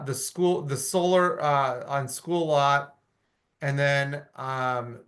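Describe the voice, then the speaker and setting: A man on a town committee arguing his point in a meeting, animated and blunt, with frequent restarts. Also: medium pitch. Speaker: committee member. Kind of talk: meeting discussion.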